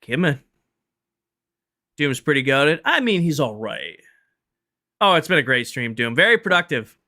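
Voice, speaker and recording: Bright-voiced chatty male streamer. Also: mid-range voice, sing-song, normal speed. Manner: chatty, sarcastic, addresses chat directly. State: tired at end of long stream. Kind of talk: casual livestream chat.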